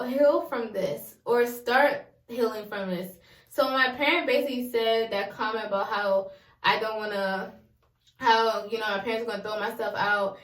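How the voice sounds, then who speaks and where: A woman's voice: medium pitch, fairly bright tone. Candid young woman in an echoey room. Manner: candid and rambling, repeats phrases, casual slang. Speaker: vlogger. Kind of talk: candid confessional vlog.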